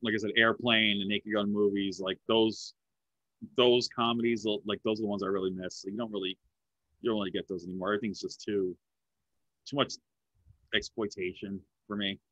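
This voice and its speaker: In a casual interview, an easy-laughing, talkative film buff hosts his podcast; he's American and in his forties. His pitch sits fairly low, his tone stays level, and he talks fairly quickly with a slightly bright sound. The recording has no room sound and comes across dry, dull and lo-fi.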